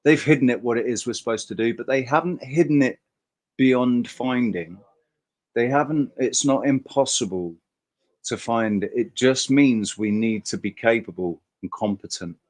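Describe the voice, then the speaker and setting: A man's voice: medium pitch, moderate pace. Emphatic, rambling man chatting. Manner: emphatic, rambling, swears freely. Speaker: host. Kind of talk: casual livestream chat.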